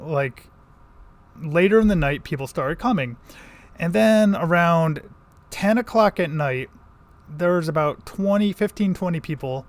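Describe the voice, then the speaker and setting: A man from the Connecticut countryside telling a long story in a casual vlog, rambling with many restarts and fillers. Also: fairly high pitch. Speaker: vlogger.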